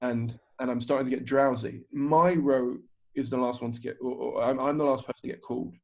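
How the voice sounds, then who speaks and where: A man's voice: mid-range voice, steady tone, brisk, gravelly, a little mellow. A man, a stand-up comedian telling a story on a podcast, swearing freely and acting out other people's lines. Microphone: video call. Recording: dull, lo-fi video call audio.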